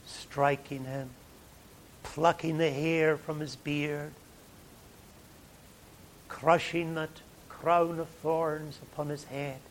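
A man preaching a sermon in a dramatic way, dropping to a hush and then rising loud. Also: fairly high pitch, level tone, slow, pauses often, a little hiss or hum. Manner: dramatic, swings from hushed to loud.

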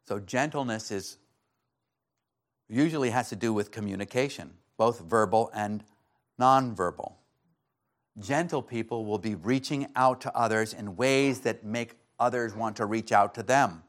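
Man preaching an earnest sermon. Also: fairly low pitch. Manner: earnest preaching with scripture readings and anecdotes. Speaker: pastor.

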